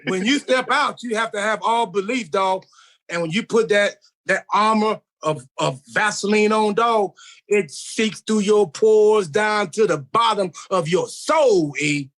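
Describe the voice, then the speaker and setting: A man's voice: high-pitched, measured pace, fairly bright tone, poor audio. A man guest on a casual podcast chat, talking in a rambling, slangy, mock-philosophical way.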